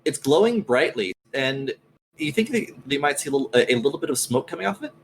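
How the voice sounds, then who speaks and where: A man narrating a tabletop game as game master, calmly describing scenes. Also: mid-range voice, fast, slight background noise, low-quality recording.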